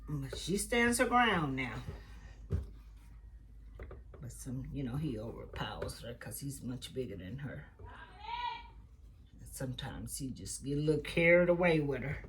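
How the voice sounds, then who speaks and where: A woman who hosts a quilting channel. She chats casually and rambles through family stories during a sewing tutorial, sometimes dropping into soft muttered asides. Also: very deep voice, sing-song, measured pace, long pauses, slight background noise.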